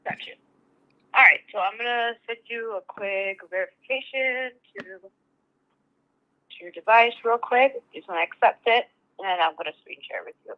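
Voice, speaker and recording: A woman working as a tech support agent on a call, chatty and loose with filler words. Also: on the high side. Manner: quick, chatty, full of "like" and "I mean". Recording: dull lo-fi phone line.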